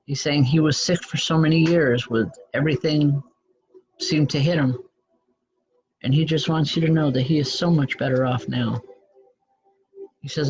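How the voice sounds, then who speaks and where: A woman hosting a call-in show, giving spiritual readings in a halting way, often restarting her sentences. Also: low voice, fairly even intonation, darkish tone, rough recording. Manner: halting, frequent restarts and self-corrections. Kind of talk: live psychic reading.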